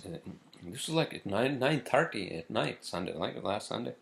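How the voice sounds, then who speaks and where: A man hosting a casual solo show, rambling and swearing freely with plenty of halting. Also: medium pitch, big pitch swings, creaky, darkish tone. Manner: rambling, profane, halting with fillers. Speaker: podcast host.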